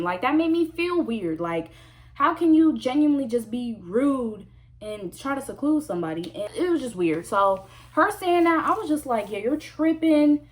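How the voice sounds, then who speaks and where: Sex: woman. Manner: emphatic, slangy storytelling. Pitch: high. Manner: animated, emphatic, slangy, repeats points for effect. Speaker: vlogger telling a story. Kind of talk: casual story time.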